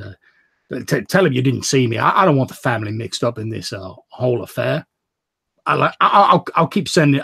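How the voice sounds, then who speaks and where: A man's voice: gravelly, fairly bright tone, breathy edge, no room sound, clean studio sound, heavily acted. A man voicing a nervous young hired hand who stammers and pleads urgently. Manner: stammering, pleading, rising anxious pitch.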